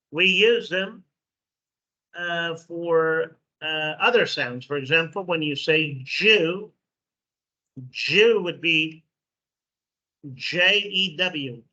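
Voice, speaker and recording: Guy teaching english sounds, sharp bright voice, really slow, muffled lo-fi audio. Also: a little high. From Mexico. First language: Spanish. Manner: slow, repeats sounds, checks in with "okay". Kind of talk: classroom phonetics lesson. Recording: dull lo-fi recording.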